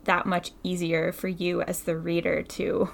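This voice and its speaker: A woman speaks thoughtfully about a book. Her voice has a gravelly fry, and she builds each point in long, connected sentences. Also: fairly low pitch, flat delivery, measured pace, a little hiss or hum. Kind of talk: casual literary discussion.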